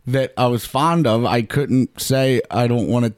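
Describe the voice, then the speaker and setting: A man from Pennsylvania sits in as a podcast guest, talking at a middling pitch. He tells his stories in a loose, profane way and chuckles through them. The room is dry and close. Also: a little slow, darkish tone, no echo. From Pennsylvania, United States. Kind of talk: casual storytelling.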